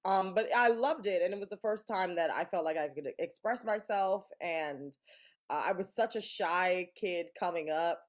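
A woman guest on a podcast telling lively stories about her life, laughing often and acting out what others said. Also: lowish voice, moderate pace. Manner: animated, laughs often, acts out quotes. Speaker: guest actor. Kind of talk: casual interview storytelling.

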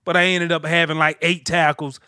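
A man in his thirties hosting a casual chat, a former linebacker who tells animated stories and acts out his teammates. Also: a little high, fairly quick, clean tone, dry recording, clean studio sound. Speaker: podcast host, former linebacker.

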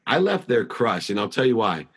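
A middle-aged man telling his life story as an interview guest, emphatic and animated. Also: lowish voice, moderate pace, slightly rough. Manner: emphatic, acts out past dialogue in a raised voice.

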